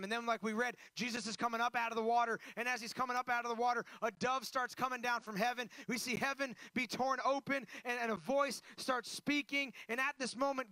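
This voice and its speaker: A male pastor delivers a sermon in a high, bright voice. He moves between loud, insistent emphasis and quiet, intense stretches. The sound is dry and close. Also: no room sound. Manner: preaching with swings from loud emphasis to hushed intensity.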